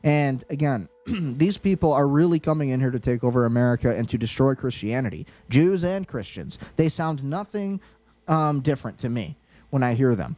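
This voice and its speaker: A man's voice: medium pitch, animated, moderate pace, a little mellow, dry recording. A man hosting a solo political commentary show, talking in an agitated, insistent way and repeating his phrases for emphasis.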